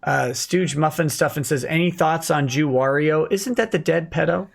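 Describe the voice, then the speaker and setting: A man's voice: a little high, moderate pace, gravelly. A man hosting a casual late-night livestream, reading viewer comments aloud and answering them with dry quips.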